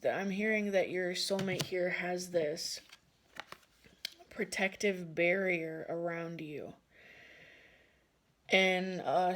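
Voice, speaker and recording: Slow-talking, laughing woman tarot reader. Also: fairly low pitch. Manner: laughs often, swears freely. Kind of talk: casual spoken tarot reading.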